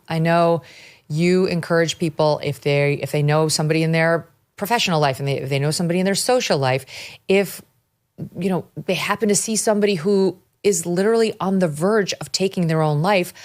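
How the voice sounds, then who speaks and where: A woman's voice: lowish voice, moderate pace. A woman hosting an interview, thinking aloud and restarting phrases as she builds her questions. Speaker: host. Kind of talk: conversational interview.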